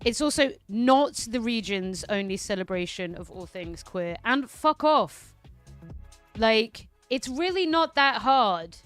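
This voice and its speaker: Woman streamer, high and smooth voice, profane heated ranting, faint music underneath. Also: animated, slow, a bit bright. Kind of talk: casual political commentary stream.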